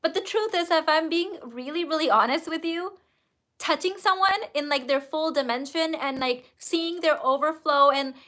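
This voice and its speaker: Bright, high-voiced effusive woman coach. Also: moderate pace. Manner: effusive and emphatic, with casual swearing. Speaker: business coach and host. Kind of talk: casual livestream answering viewer comments.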